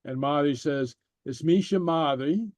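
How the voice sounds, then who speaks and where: Slow, patient man teaching a language. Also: on the high side, a little mellow, dry recording. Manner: slow, patient reading with many fillers. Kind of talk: online language lesson.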